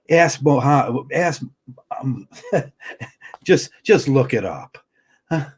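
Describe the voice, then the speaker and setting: A man's voice: mid-range voice, slightly rough. A man hosting a livestream, ranting heatedly and bluntly, often stumbling and restarting his words. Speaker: livestream host.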